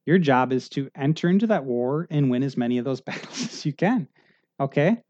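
Pastor preaching in earnest, conversational tones. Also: male voice, mid-range voice, expressive, a little fast, darkish tone, highs cut off. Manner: earnest, conversational preaching with frequent "okay?" check-ins. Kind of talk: sermon.

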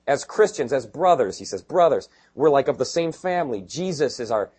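A male pastor preaching a sermon in a conversational way, dropping quiet and then rising to emphatic bursts. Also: mid-range voice, big pitch swings, normal speed, slightly rough.

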